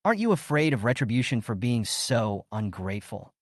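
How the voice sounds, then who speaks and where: Man doing a spiteful panicky young woman, sharp words, lively pitch. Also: brisk, dry recording, studio quality. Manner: sharp and defensive.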